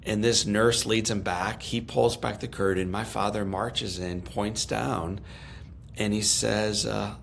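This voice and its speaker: Gravelly earnest middle-aged man storyteller. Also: lowish voice, fairly even intonation, normal speed, a bit bright, a little hiss or hum. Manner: earnest, repeats words when emphatic. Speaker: podcast guest, speaker. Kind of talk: storytelling in an interview.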